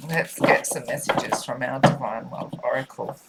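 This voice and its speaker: A woman's voice: rumbling low, normal speed, heavy background noise. A woman giving a spiritual tarot reading, musing and repetitive in a soothing way. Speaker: tarot reader.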